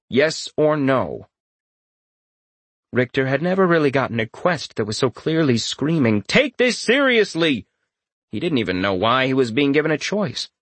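A man reading a fantasy audiobook aloud in a steady storytelling voice, lifting his pitch for dramatic lines. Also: no room sound. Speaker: audiobook narrator. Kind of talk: scripted fantasy audiobook narration.

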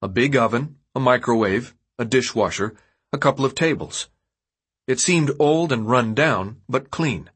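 A man narrating an audiobook in an expressive storytelling manner. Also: mid-range voice, unhurried, breathy edge. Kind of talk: scripted narration.

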